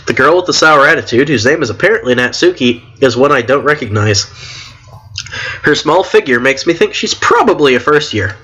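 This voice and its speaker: A man's voice: mid-range voice, expressive, fairly quick, pushed and bright, slightly rough. A drunk man streaming a game, reading the story text aloud and laughing as he tries out silly accents. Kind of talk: reading a visual novel aloud on a live stream.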